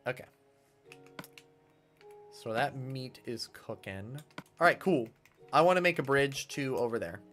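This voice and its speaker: A man's voice: mid-range voice, animated, unhurried, pauses often, fairly bright tone. A man streaming a game, chatting casually and nostalgically while he thinks aloud. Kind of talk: casual gameplay commentary. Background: faint game music.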